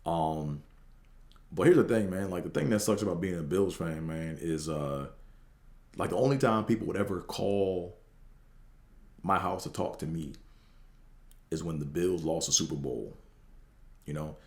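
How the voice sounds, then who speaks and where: This DC-area man in middle age hosts a podcast, speaking low and measured with long pauses and a slightly mellow tone. His casual, meandering story is laced with swearing, fillers and false starts, and the sound is roomy.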